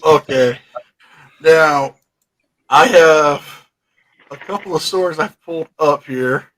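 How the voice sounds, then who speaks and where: In a low-quality recording, a man with a fairly high voice hosts a casual chat. He reads news headlines aloud in a playful manner.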